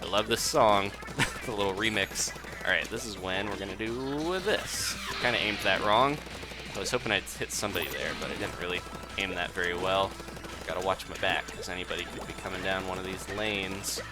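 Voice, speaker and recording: Speaking a little fast in a low voice, a man streams a game with chatty live commentary. He reads viewer messages aloud and laughs frequently, with game music in the background.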